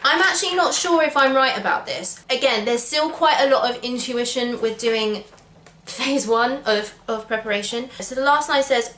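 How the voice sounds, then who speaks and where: A woman's voice: fairly high pitch, moderate pace, pushed and bright, a little hiss or hum. A woman actor talking to a camera on a tripod, chatty and upbeat as she explains her method step by step. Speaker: actor sharing audition tips. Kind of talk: casual instructional vlog to camera. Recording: echoey room.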